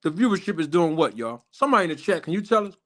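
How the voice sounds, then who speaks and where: A man's voice: fairly high pitch, very animated, rapid-fire. Hype man hosting a live stream. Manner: hype, chatty, calls out to the chat. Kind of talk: casual live stream talk.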